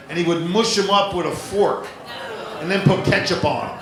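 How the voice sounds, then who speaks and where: A man doing a stand-up comedy set on a theater stage, chatty and jokey, slipping into quick voice impressions. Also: high-pitched, background noise. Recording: very echoey live club recording, loud crowd. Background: audience laughter.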